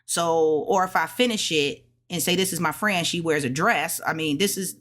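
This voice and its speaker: A woman casually explaining her study notes, sounding out words slowly and correcting herself. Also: low voice, a bit bright. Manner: thinks aloud, self-correcting, sounds out tones slowly. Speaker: language learner sharing study notes. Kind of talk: casual study vlog lesson.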